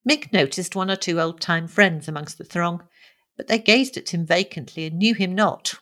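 A woman narrating a novel in an even, measured reading style. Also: fairly low pitch. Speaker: audiobook narrator. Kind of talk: scripted narration.

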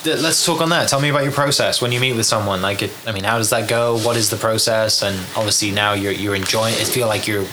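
A man's voice: fairly low pitch, fast, hardly any pauses, crowd noise. A young man hosting a podcast, telling stories casually with many fillers and restarts. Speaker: podcast host. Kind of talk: casual interview chat.

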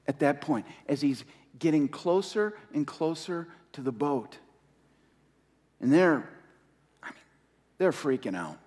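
A man preaching a sermon as pastor, impassioned, repeating key phrases and letting his voice rise and fall with pauses. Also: fairly high pitch, expressive, a little mellow, in a large hall.

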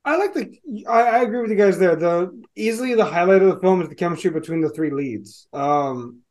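Male podcast co-host, high animated voice, casual and profane. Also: brisk. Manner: animated, swears freely. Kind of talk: casual chat.

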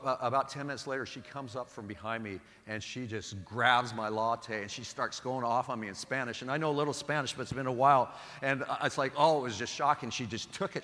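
A middle-aged man, a Catholic priest, preaching a homily with animated, self-deprecating stories. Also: medium pitch, long reverb tail.

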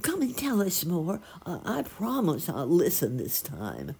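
A woman's voice: fairly low pitch, wildly swooping pitch, unhurried, gravelly, a little mellow, husky, pitched above the performer's own voice, exaggerated voice. A woman voicing an anxious, timid male sparrow who stammers and frets, in a storybook reading. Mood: pleading. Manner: worried, stammering, sniffly.

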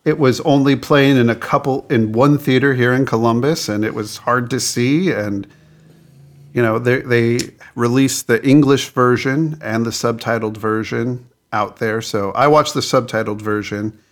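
A man's voice: mid-range voice, moderate pace. Man, podcast co-host, casual and self-deprecating. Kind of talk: casual chat.

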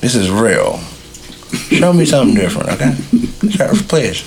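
A man in casual podcast chat, telling stories in a blunt, profane, animated way. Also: lowish voice, normal speed, gravelly, slight background noise. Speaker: podcast co-host.

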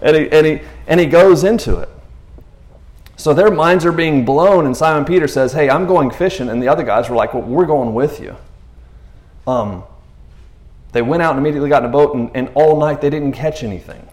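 A man preaching casually, retelling scripture in an animated way with laughing asides. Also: a little high, fairly quick. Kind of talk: casual sermon.

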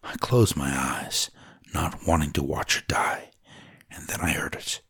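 A man with a deep, husky voice narrates a dramatic story solemnly and deliberately, sometimes sinking to a whisper. The recording is close and dry, with no room sound. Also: fairly bright tone, no room sound.

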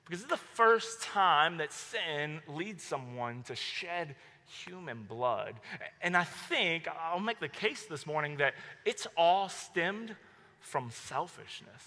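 A male pastor preaching a sermon, telling stories in an animated way and acting out his own outbursts. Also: a little high, slow. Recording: long hall reverb.

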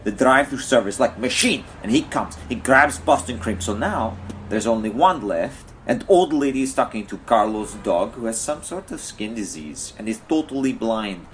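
A man's voice: expressive, normal speed, hardly any pauses, a bit bright, slight background noise, lightly acted. A man voicing a distraught Russian man with a put-on Russian accent, ranting in broken English with a whiny, swooping voice. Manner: whiny, wildly swinging pitch, broken English. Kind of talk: comedic character monologue.

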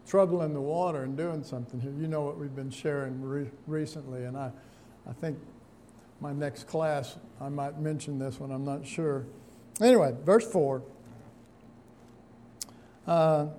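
A man teaching a Bible study, musing aloud with halting restarts as he works through scripture verse by verse. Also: a little high, warm tone.

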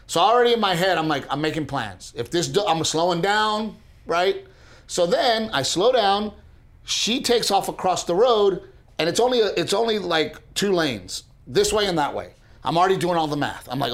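A man co-hosting a casual podcast, telling a story in an animated way, speeding up when excited and restarting his sentences often. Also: sits high, normal speed. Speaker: podcast co-host.

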